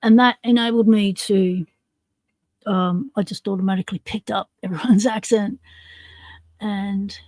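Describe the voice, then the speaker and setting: A woman's voice: medium pitch, fairly even intonation, measured pace, long pauses, a little mellow, dry recording. A woman hosting a casual livestream, chatting in a rambling way and laughing often. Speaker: livestream host.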